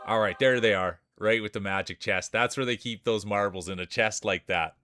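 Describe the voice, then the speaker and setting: A man's voice: on the low side, fairly even intonation, fairly quick, few pauses, over music. A man streaming live, calling marble races like a sports announcer, with chatty asides to his viewers. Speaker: streamer and race commentator. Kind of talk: live marble race commentary.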